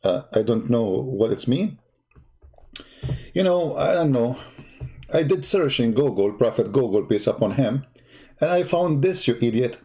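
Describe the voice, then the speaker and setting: This livestream host is a man whose warm, medium-pitched voice is expressive and a little slow, with long pauses. His commentary mocks and scolds sarcastically, and he frequently laughs at his opponent.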